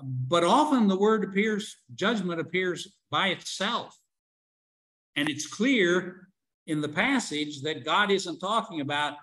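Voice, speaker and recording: An older man teaching a religion class online, lecturing with many fillers, restarts and pauses. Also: sits high, animated, a bit bright, rough recording.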